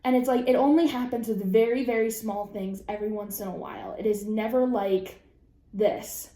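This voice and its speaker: A young woman vlogger chatting casually, reacting to online posts in an animated, profane way with sudden high-pitched outbursts. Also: moderate pace, echoey room. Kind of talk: casual chat.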